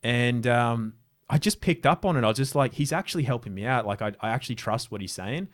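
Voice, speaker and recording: A man's voice: medium pitch, animated, fairly quick. An Australian man, an interview guest, telling casual stories in a rambling way with many restarts. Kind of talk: casual storytelling.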